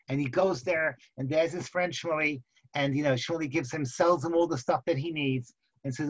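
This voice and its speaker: A man, a rabbi, giving a Torah lecture in which he tells the story lively and acts out the characters. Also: on the high side, moderate pace. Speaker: rabbi teaching seminary students. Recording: slightly muffled recording.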